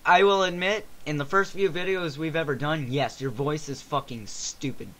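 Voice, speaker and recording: Bright-voiced young man, voice cracking. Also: a little high, normal speed. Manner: rambling, swears often, frequent voice cracks. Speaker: podcast co-host. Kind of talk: casual chat.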